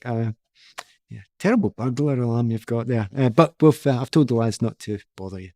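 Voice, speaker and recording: A middle-aged man with a gravelly edge tells stories as an interview guest, laughing easily between lines. The sound is dry and close. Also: medium pitch, fairly quick, dry recording. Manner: laughs often, animated storyteller. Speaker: guest, former footballer. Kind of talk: anecdotal storytelling in an interview.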